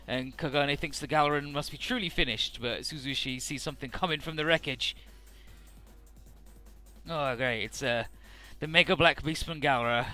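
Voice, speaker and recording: A man's voice: a little high, normal speed, sharp tone, soft background music. A man giving casual, irreverent and profane Let's Play commentary, paraphrasing game dialogue sarcastically.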